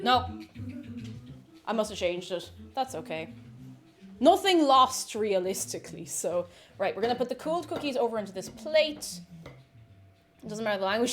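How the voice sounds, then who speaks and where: A talkative Irish woman chats casually with her viewers while baking, wandering from one thought to the next. Her voice sits a touch high and swings through a wide, animated range, with quiet music playing faintly in the background. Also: normal speed, long pauses. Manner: chatty, rambling, greets chat viewers. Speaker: live streamer.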